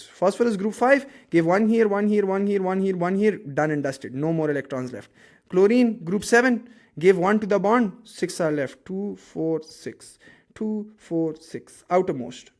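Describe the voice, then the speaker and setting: A man teaches chemistry in a loose, playful way. His voice sits high for a man, and he counts electrons aloud as he draws while teasing his own sketches. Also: a little mellow. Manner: jokey, self-mocking, counts aloud while drawing. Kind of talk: casual classroom lesson.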